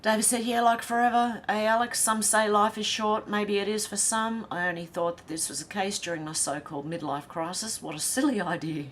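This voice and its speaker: A woman's voice: medium pitch, fairly even intonation, a little fast, few pauses, fairly bright tone, slight background noise. A middle-aged Australian woman hosting a casual livestream, reading viewer comments aloud with giggly, chatty asides. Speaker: livestream host.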